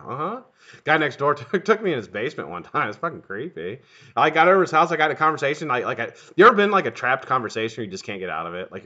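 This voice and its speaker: Man, middle-aged, live-stream host, profane rambling banter, lively swooping pitch, dull lo-fi sound. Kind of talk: casual live-stream chat greeting viewers.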